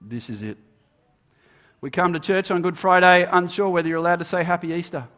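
A high-voiced man, a minister, delivers a Good Friday sermon as storytelling. He swings between emphatic lines and hushed, slowed ones.

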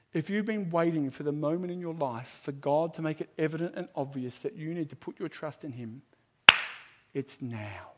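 Man, preacher, evangelistic sermon, emphatic then hushed, high voice. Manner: emphatic, swings from loud proclamation to hushed appeal. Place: large room with a live audience.

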